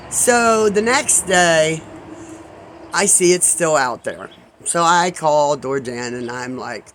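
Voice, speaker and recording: A man in his fifties spins a casual, rambling story, full of side remarks and quoted back-and-forth. His voice sits a little high for a man. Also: takes it slowly, fairly bright tone, low-quality recording. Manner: rambling, full of "I'm like" and asides. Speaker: vlogger.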